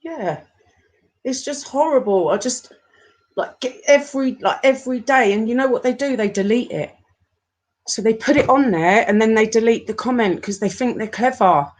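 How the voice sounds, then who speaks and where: A woman in her forties, talking to her viewers in an upset, halting rant, often stopping and repeating herself. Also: a little high. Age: 40s. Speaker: YouTuber. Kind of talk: emotional live-stream rant.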